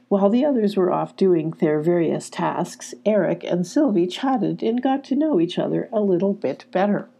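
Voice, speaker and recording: A woman calmly and gently reading a children's storybook aloud. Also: on the low side, moderate pace, vocal fry, few pauses, slightly rough. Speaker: storybook reader. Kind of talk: scripted children's story narration.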